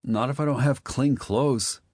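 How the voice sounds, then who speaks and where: A man's voice: medium pitch, unhurried, a little mellow, dry recording, pitched above the performer's own voice, close to an everyday voice. A man voicing an anxious sixteen-year-old boy who sounds worried and pleading.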